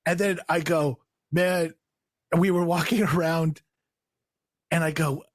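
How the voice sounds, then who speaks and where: A man's voice: a little high, unhurried, dry recording, studio quality. A man telling a funny story in a casual chat, acting out what people said with raised voices and laughing as he goes. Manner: animated, acts out quotes in raised voices, laughs while telling. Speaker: guest storyteller.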